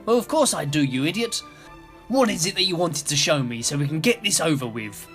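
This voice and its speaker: Man voicing greedy old Scrooge, storybook, high and panicky. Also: lively intonation, fairly quick, fairly bright tone, faint music behind. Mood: scoffing. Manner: scoffing, turning frantic and desperate. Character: greedy old male game-company boss Scrooge.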